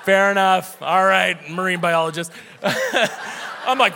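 A man's voice: high voice, takes it slowly, creaky, pushed and bright, a little hiss or hum. A young man preaching a sermon and leading prayer in an earnest, conversational way.

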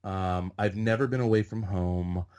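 Lowish-voiced man telling lively anecdotes. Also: measured pace. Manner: animated anecdotes, heavy use of "like". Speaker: podcast guest. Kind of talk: casual storytelling interview.

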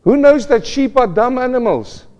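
High-voiced preacher in a reverberant church hall. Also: male voice, animated, moderate pace, a little mellow. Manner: preaching with rhetorical questions to the congregation. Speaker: pastor. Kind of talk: sermon.

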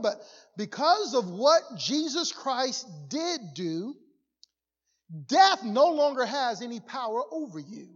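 A fervent woman preacher with a high voice delivers a sermon, repeating her points and rising to shouts. Her voice rings through a long hall reverb in a church hall. The recording sounds dull and lo-fi. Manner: fervent, repetitive, swinging from quiet to shouting.

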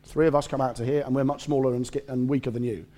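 A fast-talking man with a mid-range voice delivers a lively, conversational sermon with humor, reading scripture aloud and commenting along the way.

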